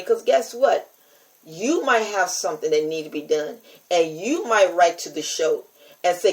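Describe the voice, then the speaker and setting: With a medium-pitched voice and lively intonation at normal speed, this older woman from the United States preaches on her podcast. She talks straight to listeners in a casual, emphatic, testifying monologue full of repetition, on poor audio.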